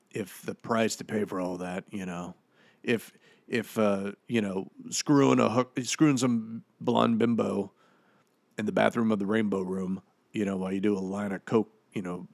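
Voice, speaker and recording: A man's voice: on the low side, no room sound. A man playing the rambling, profane ghost of a washed-up male actor in a comedic audio commentary, full of fillers.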